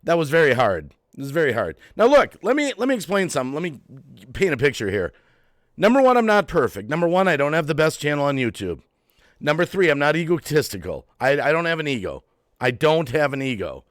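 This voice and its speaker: A man's voice: very animated, quick pace, no echo, studio quality. Worked-up man ranting on a live stream. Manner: worked up, repeats phrases, swings from low to loud. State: agitated, heart racing. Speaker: YouTube channel host. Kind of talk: emotional live-stream rant.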